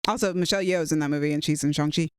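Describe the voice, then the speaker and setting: A man's voice: fairly high pitch, fairly even intonation, rapid-fire, clear, resonant tone, no room sound, studio quality. A man co-hosting a movie review podcast, chatting casually and enthusiastically, rambling with fillers. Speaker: podcast co-host.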